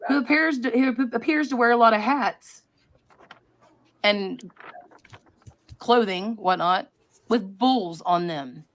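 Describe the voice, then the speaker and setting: A woman's voice: on the high side, takes it slowly, long pauses, a bit bright. Woman rambling through theories to her chat. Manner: rambling, conspiratorial, self-interrupting. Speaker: livestream host. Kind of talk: live-streamed commentary to chat.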